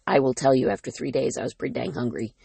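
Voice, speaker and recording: A woman's voice: very deep voice, fairly even intonation, fast, vocal fry, warm tone, breathy edge, dry recording. A woman hosting her own podcast, talking candidly and earnestly in a reflective personal monologue, often poking fun at herself. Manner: candid, earnest, self-deprecating. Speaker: podcast host.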